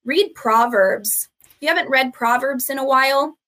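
A woman's voice: sits high, moderate pace. Earnest woman teaching on a podcast. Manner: earnest, steady teaching with repeated emphasis. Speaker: ministry founder, guest.

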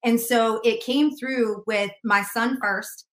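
A woman guest sharing a faith testimony in casual conversation, an animated storyteller who laughs often. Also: on the high side, slow, echoey room.

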